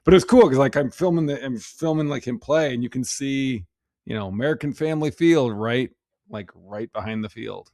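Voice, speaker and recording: A man's voice: medium pitch, brisk, warm tone, no echo, studio quality. A man co-hosting a podcast in easygoing casual chat, laughing often and swearing casually. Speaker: podcast co-host.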